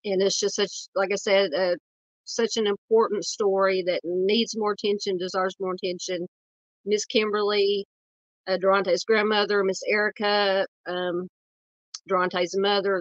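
A woman with a Southern US accent hosting a true crime livestream, earnest and halting, with a nasal, scratchy voice from a cold. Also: medium pitch, flat delivery, dry recording, lo-fi sound. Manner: earnest, halting, many fillers, greets chat by name. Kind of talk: casual livestream talk.

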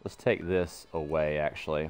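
A man's voice: very deep voice, steady tone, normal speed, smooth, soft background music. A man streaming a game while commenting in a put-on cartoon mayor voice with a Boston-style accent that slips toward Brooklyn. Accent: Boston-style impression with slips of Brooklyn. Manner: talks in a put-on politician cartoon voice, rambling. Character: pompous male cartoon mayor impression. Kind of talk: let's play commentary in a cartoon mayor impression.

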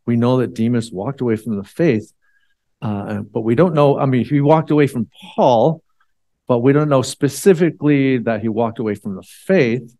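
Male church elder, mid-pitched, dry close sound, chatty sermon delivery with ums and restarts. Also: moderate pace, mellow, no echo. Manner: conversational, with frequent fillers and restarts.

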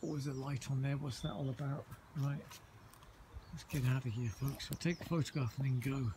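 A man's voice: mid-range voice, steady tone, a little fast, noisy background. A man rambling casually to his viewers, calling them folks, while walking outdoors and filming on a handheld phone. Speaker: vlogger. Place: outdoors, walking around town.

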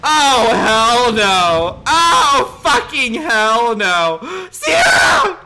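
A man voicing a flamboyant old lady in a game role-play who calls everyone darling and swears in loud outbursts. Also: extremely high pitch, big pitch swings, measured pace, full character voice. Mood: raging. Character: flamboyant old lady, dramatic and foul-mouthed.

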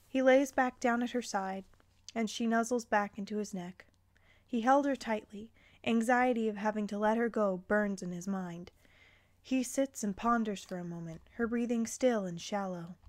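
A woman gently reading a romantic fan story aloud. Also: medium pitch, moderate pace. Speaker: fan fiction reader.

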